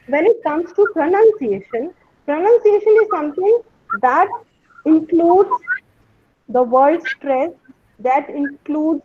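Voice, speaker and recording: A woman giving a webinar lecture and answering questions, explaining patiently, often repeating words and checking in with "right?". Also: high voice. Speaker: guest speaker. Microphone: video call. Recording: dull, dry webinar audio.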